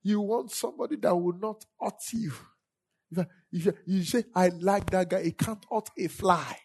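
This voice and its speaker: A woman's voice: medium pitch, normal speed, darkish tone, slightly rough. A woman preaching a sermon, leading call-and-response and repeating scripture lines for the congregation to echo.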